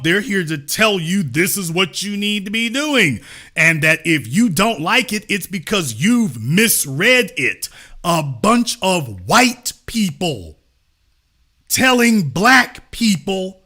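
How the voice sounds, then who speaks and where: In a high, bright voice with wide pitch swings, a middle-aged man drives through a live-streamed commentary monologue as its host. He hammers each point with preacher-style repetition and emphatic force, throwing in an occasional curse for emphasis.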